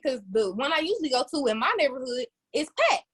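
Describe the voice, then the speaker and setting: Animated high-voiced woman from Detroit. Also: fast, slightly rough. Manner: animated, swooping up high when quoting herself. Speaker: podcast co-host. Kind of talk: casual storytelling.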